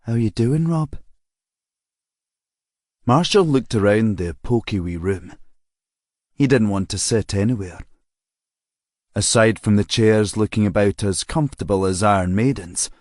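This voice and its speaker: A male narrator reading a crime novel audiobook in measured, dry storytelling. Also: on the low side, dry recording.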